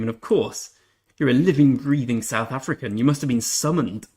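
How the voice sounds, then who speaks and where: A chatty man hosts a gaming live stream, talking to his viewers in a relaxed, everyday way. He drifts between greeting people in chat and quietly thinking aloud. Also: mid-range voice, moderate pace. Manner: chatty, reads chat aloud, mutters to himself. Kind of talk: casual live-stream commentary.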